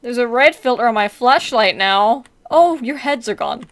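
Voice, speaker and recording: A woman's voice: on the high side, animated, moderate pace, a bit bright. A woman commenting on a horror game as she plays, chatty and sarcastic, talking back to the mannequins and jumping at scares. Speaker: gameplay streamer.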